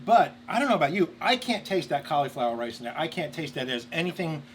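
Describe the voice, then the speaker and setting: A man's voice: fairly high pitch, expressive, fast, a crowd in the background. A man hosting a casual cooking demonstration at an outdoor grill, chatty and enthusiastic, talking straight to the camera. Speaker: cooking show host.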